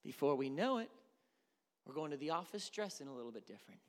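A middle-aged male pastor preaching a sermon in a church, animated and acting out voices, swinging from loud to hushed. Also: fairly high pitch, fast. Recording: reverberant hall.

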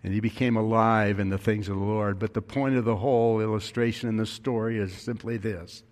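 A man's voice: lowish voice, steady tone, fairly quick, in a large hall. A male pastor telling a story in a sermon, his voice rising and falling with emphasis.

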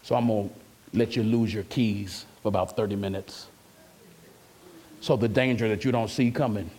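A hushed, comforting divine voice, as a preacher puts it on. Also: male voice, on the low side, fairly even intonation, normal speed, pitched below the performer's own voice, close to an everyday voice. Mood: tender. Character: gentle, reassuring divine male voice, soft and close.

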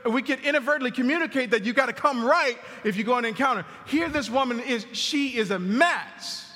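A man preaching a sermon in a church sanctuary in a conversational style, repeating phrases for emphasis and dropping to a soft murmur on tender lines. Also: extremely high pitch, fairly quick. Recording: long hall reverb.

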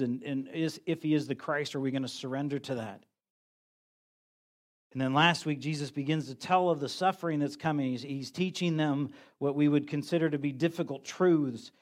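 A middle-aged man, a pastor, preaching a sermon in a conversational, self-deprecating way, often restarting his sentences. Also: medium pitch.

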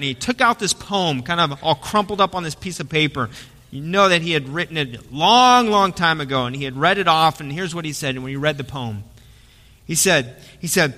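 A male pastor with a high, strikingly bright voice, preaching in a church sanctuary. He talks in a casual storytelling way and slips in jokes. His voice carries a long reverb through the hall. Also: brisk. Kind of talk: sermon.

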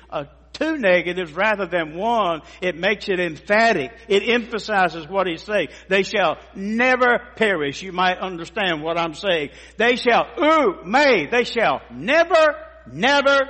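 Male pastor, emphatic sermon delivery, somewhat high voice, long church reverb. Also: a bit bright. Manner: emphatic, stretches key words for emphasis. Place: church sanctuary.

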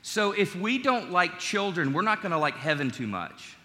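A man's voice: sits high, very animated, normal speed, bright, forceful tone. A middle-aged man preaching a sermon as pastor, in a conversational, joking way with his congregation, in a large church. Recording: long church hall reverb.

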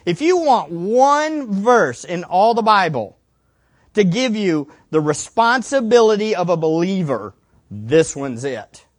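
A woman's voice: mid-range voice, big pitch swings, slow pace, no room sound, clean studio sound. A woman preaching a sermon, emphatic, repeating key words and asking the congregation questions.

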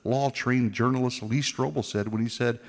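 A man narrates from a script in a gravelly, mid-range voice, dropping playful, mock-regretful asides between points. His words ring out with a long reverb. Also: mid-range voice, fairly even intonation, moderate pace. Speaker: apologetics video narrator.

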